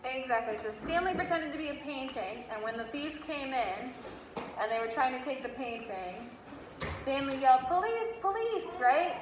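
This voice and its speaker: A woman teacher reading a storybook aloud to a class in an animated way, stopping to ask the children questions. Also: high-pitched, moderate pace. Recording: echoey classroom with long reverb, faint noise.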